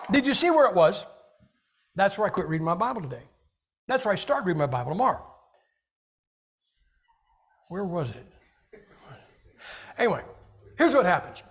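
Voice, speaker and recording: A man's voice: sits high, husky. A man preaching a humorous sermon, joking and acting out little scenes. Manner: animated, jokey, acts out little scenes.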